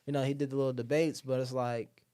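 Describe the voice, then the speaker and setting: A young man from Alabama, speaking at a medium pitch with a fast, smooth delivery, chats casually as a podcast guest. He's an animated storyteller who acts out the people he quotes, leaning heavily on "like" and "bro."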